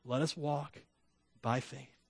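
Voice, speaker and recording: A man preaching a sermon as pastor, animated, with humorous asides and self-deprecating jokes. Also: medium pitch, takes it slowly, creaky, breathy edge, dry recording. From Florida.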